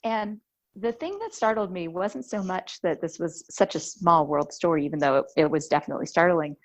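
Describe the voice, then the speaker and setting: A woman's voice: on the low side, fairly quick. A woman podcast host chatting casually and telling a story, acting out the voices she quotes. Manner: lively storyteller who acts out quoted voices.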